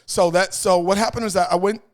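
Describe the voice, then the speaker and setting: A middle-aged man, telling stories as an interview guest in an animated way, repeating phrases and acting out voices. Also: sits high, fairly quick. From New York. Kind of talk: casual storytelling chat.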